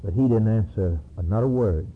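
A man's voice: fairly low pitch, fairly quick, breathy edge. A man preaching a sermon, reading scripture and acting out its cries with dramatic emphasis. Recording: tinny lo-fi phone-like recording.

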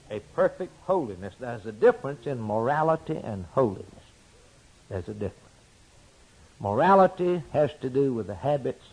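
A man preaching a sermon, swinging between loud emphatic declarations and hushed, quiet asides. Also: medium pitch, breathy edge, rough recording.

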